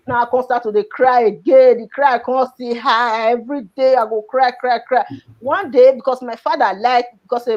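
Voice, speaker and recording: A woman's voice: high voice, a little mellow, dull audio. A woman with a Nigerian Pidgin accent telling a personal story in an emotional, repetitive way.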